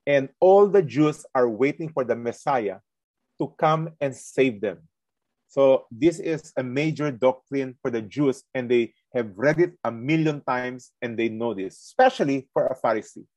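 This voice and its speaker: Filipino man, mid-pitched, teaching scripture with rhetorical questions, dry room. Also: unhurried, darkish tone, no echo. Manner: asks rhetorical questions, restarts often, explains verse by verse. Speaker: Bible teacher. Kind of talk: Bible lesson preaching.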